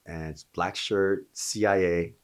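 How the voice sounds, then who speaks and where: A man's voice: low voice, steady tone, slow. A middle-aged man, a Marine veteran, telling long anecdotes in a casual, rambling way with many restarts. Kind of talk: casual storytelling.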